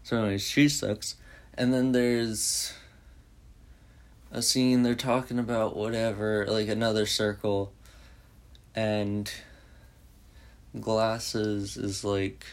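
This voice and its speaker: A man with a lowish voice recaps a film in a loose, rambling way. He speaks slowly and leans on "like" constantly, with frequent restarts. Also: little pitch movement. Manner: rambling, heavy use of "like". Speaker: movie reviewer. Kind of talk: casual rambling movie recap.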